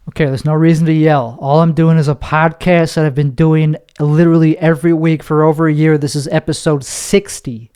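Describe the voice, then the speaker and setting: A man's voice: fairly high pitch, little pitch movement, a little fast, few pauses, darkish tone, clean tone. A young man hosting a solo podcast monologue, talking in an anxious, rambling way with heavy cursing. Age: young adult. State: nervous. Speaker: podcast host.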